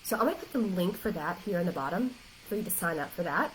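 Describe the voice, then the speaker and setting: A woman's voice: fairly low pitch, lively intonation, quick pace, a little hiss or hum, rough recording. A woman life coach giving a faith-based encouragement talk, earnest, direct and emotional.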